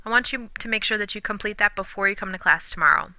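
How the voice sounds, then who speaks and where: A woman teacher explains grammar patiently, slowing down to sound out example words. Her voice is very bright and smooth, and the recording is dry and close with no room sound. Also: medium pitch, no room sound. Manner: clear, patient explaining with slow modeled pronunciations; drops to a whisper when counting syllables. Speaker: Spanish teacher. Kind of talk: recorded classroom lesson.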